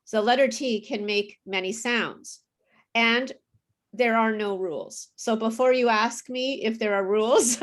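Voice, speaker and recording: A woman tutoring English pronunciation over a video call, explaining slowly and patiently. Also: fairly high pitch. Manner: slow, careful teacher explaining with apologies and laughs. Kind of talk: online pronunciation lesson.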